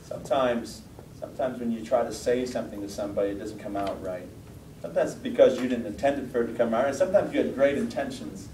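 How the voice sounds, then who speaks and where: A man's voice: quick pace, dark tone. A man preaching in a conversational way, telling a family story and putting questions to his listeners. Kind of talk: sermon with a personal story. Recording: roomy, distant mic, faint rumble.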